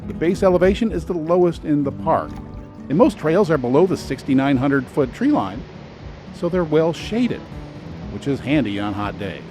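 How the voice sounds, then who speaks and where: A man's voice: on the high side, lively intonation, moderate pace, music in the background. A man narrating a scripted travel guide in an earnest, advisory voice-over. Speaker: travel video host.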